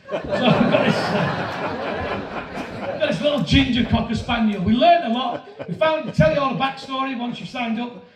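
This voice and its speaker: Stand-up comic, man, 50s, very high voice, animated shouting, roomy live room. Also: a little slow, background noise. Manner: animated storytelling, loud shouting bursts. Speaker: stand-up comedian. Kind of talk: stand-up comedy set. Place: comedy venue with live audience. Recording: roomy live-venue sound from a distance with crowd. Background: audience laughter.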